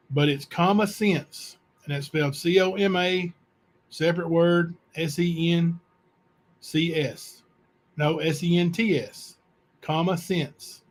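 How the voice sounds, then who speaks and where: A man hosting a channel, reading letters aloud to viewers in a plain, unhurried way with asides. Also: fairly high pitch. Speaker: channel host.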